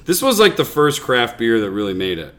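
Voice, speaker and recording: Casual male podcast co-host, middle pitch, playful banter, laughs easily. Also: brisk. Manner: laughs often, animated, playful. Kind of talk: casual beer-tasting chat.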